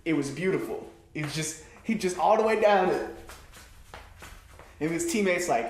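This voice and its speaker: A man's voice: on the high side, animated, normal speed, pauses often, reverberant. A man in his twenties riffing on sports in a loose, slangy comedy set, a little winded. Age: 20s. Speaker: host. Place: room with an audience.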